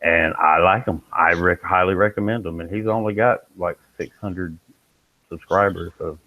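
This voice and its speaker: A man's voice: low-pitched, steady tone, moderate pace, no echo. A man on a panel, talking in a laid-back, plainspoken way during a casual chat. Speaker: panel member. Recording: tinny phone-like line.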